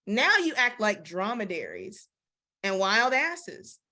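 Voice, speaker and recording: A woman teaching a casual Bible study, lively and slangy, acting out the verses she quotes. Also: mid-range voice, slow pace.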